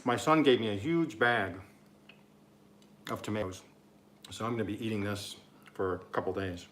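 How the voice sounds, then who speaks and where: A man's voice: fairly low pitch, moderate pace, fairly bright tone, slight background noise. Chatty Oklahoma man vlogging his cooking. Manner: chatty, rambling, self-amused. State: talking with mouth full at times. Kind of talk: casual cooking vlog.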